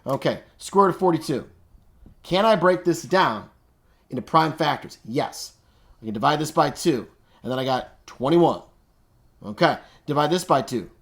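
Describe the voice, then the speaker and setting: A man's voice: fairly high pitch, expressive, normal speed, fairly bright tone. A man teaching math in a casual, upbeat way, using slang and thinking aloud as he works each step. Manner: upbeat, slangy, talks to himself while working. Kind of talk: casual classroom explanation.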